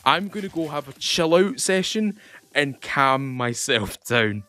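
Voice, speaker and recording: A man from the UK chatting excitedly to viewers while playing a game. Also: medium pitch, measured pace, dry recording. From United Kingdom. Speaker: gaming channel host. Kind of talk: casual gameplay commentary.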